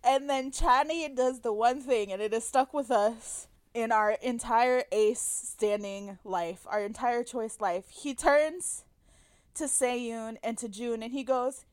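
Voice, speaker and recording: A woman in her twenties chatting casually as a podcast co-host, an excitable storyteller who acts out screams. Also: on the high side, slow pace, clean tone, no echo, clean studio sound. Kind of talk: casual chat.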